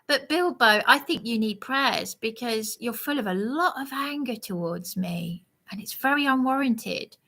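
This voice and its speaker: Woman ranting slow on a livestream, preachy and aggrieved, bright higher voice. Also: expressive. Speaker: livestreamer answering a commenter. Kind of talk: rambling live monologue.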